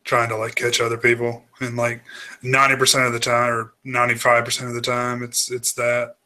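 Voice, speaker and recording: Flat, sharp-toned man making wry asides. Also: medium pitch, brisk. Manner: wry, short interjections. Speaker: podcast co-host. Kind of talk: casual chat.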